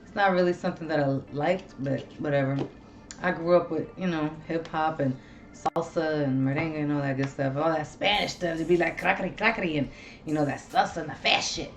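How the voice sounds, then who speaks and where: A woman's voice: deep voice, fairly even intonation, fairly quick, slight background noise. A woman hosting a casual talk show, chatting bluntly and animatedly with plenty of profanity. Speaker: host. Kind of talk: casual chat.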